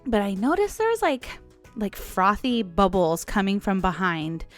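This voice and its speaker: A woman's voice: medium pitch, measured pace. Lady in her 40s chatting on a podcast, voice bouncing all over, bit of music under it. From United States. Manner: animated, chatty, laughs often, acts out quotes. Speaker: podcast host. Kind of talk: casual storytelling monologue.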